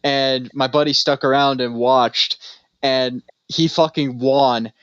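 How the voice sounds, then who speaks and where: A man's voice: mid-range voice, fairly even intonation, slow pace, fairly bright tone, clear, resonant tone, dry recording, lo-fi sound. A young man co-hosting a podcast in casual chat, telling rambling stories full of fillers. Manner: rambling storyteller, many fillers. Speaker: podcast co-host.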